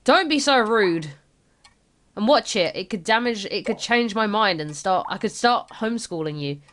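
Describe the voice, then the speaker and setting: A woman's voice: mid-range voice, animated, normal speed, a bit bright, lightly acted. A woman voicing a worried, controlling middle-aged mother as she reads a game's dialogue aloud. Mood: scolding. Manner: reading game text aloud in character.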